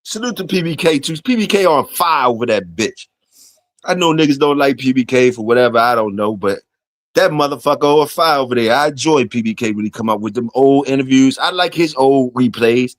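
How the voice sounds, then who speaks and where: A man hosts a relaxed solo livestream and rambles through his chat. His talk is loose and full of profanity, and his voice sits at an average pitch. The sound is dry and close, with no room around it. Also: a little fast, no echo. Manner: loose, profane, talks to chat and reads comments aloud. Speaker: livestream host.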